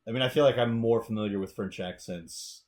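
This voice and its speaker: An American man co-hosting a casual podcast chat, thinking aloud in rambling, animated bursts. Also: lowish voice, a little fast. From United States. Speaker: podcast co-host.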